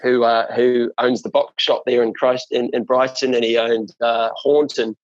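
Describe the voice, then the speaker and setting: A man's voice: mid-range voice, flat delivery, moderate pace, no echo. Kiwi guy rambling on in a chat, lots of ums, slightly muffled dry recording. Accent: New Zealand. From New Zealand. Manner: rambling, chatty, many fillers and restarts. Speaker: distiller, interview guest. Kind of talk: casual chat.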